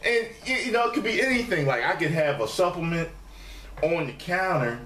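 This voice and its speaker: A man vlogging casually to camera from the dining room of his studio apartment, animated and profane, and he mimics his commenters in a raised voice. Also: a little high, fairly quick, echoey room.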